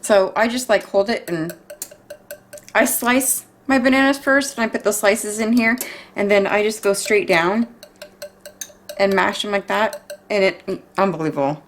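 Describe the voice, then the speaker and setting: A woman talks through a recipe in her kitchen, loose and chatty. She is exclamatory and drops swear words freely as she goes. Her voice sits in a middle pitch for a woman. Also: measured pace, long pauses, slight background noise. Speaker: home baking vlogger. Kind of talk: casual cooking chat.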